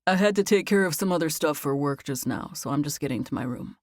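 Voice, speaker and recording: A woman reading the part of an eager young man talking on the phone, asking choppy, excited questions. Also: deep voice, quick pace, no echo, clean studio sound. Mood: affectionate.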